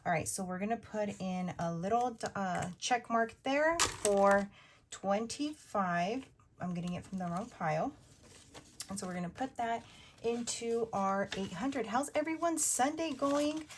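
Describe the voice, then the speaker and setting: A woman's voice: mid-range voice, lively intonation, unhurried, a little hiss or hum. A woman in her thirties, a budgeting vlogger, chatting casually and upbeat with many fillers as she counts cash, at times whispering. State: partly whispering. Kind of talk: casual chatty narration over cash stuffing.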